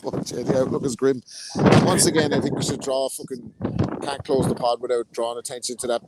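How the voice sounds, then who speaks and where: A man's voice: mid-range voice, fairly even intonation, a little fast. Sweary man on a noisy line. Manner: sweary, laughing. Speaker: podcast co-host. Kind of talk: casual boxing podcast banter.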